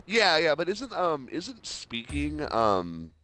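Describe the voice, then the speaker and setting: Rambling young man with lively pitch. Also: slow pace, no echo. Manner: rambling, heavy use of "like". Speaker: host. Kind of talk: casual chat while streaming a game.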